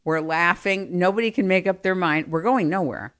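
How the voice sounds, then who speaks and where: A middle-aged woman telling family stories in an animated, self-mocking way, swinging from quiet asides to loud bursts. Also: fairly low pitch, normal speed. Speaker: storyteller. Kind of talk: personal storytelling.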